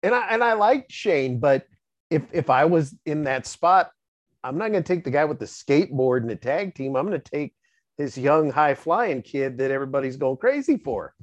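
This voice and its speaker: A man's voice: fairly high pitch, animated, moderate pace, dry recording. A man hosting a wrestling chat, joking, laughing and asking pointed questions. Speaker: podcast host, wrestling fan. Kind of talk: casual podcast chat. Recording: dull dry lo-fi sound.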